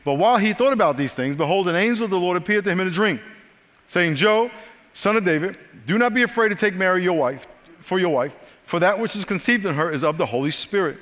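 Animated grandfather pastor in a reverberant hall. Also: high voice, fast talker. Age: older. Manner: animated storytelling with voiced asides. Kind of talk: sermon.

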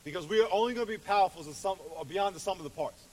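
A middle-aged man preaching a sermon as pastor, animated, with congregation call-outs. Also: high voice, racing. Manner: animated, acts out voices, calls for congregation responses. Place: church hall. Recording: distant mic with faint hiss.

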